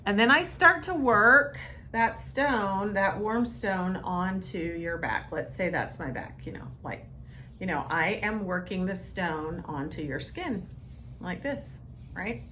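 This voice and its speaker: A woman massage therapist telling a story to camera in a chatty, animated way, talking straight to her viewers. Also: mid-range voice, slow, slight background noise. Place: her treatment room.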